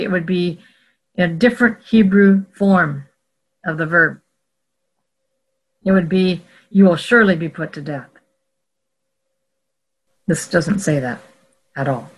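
A Bible teacher working through scripture in a careful, explanatory teaching talk. The speaker goes step by step, pausing to correct and rephrase mid-sentence. The voice sits at a middle pitch. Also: creaky, a bit bright, husky, poor audio. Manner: measured and explanatory, with frequent self-corrections.

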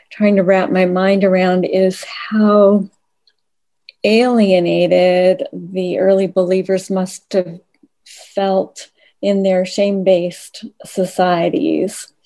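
Woman, Bible study participant, slow and halting, warm low-key tone with some fry. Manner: hesitant, searching for words. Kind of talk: reflective group discussion.

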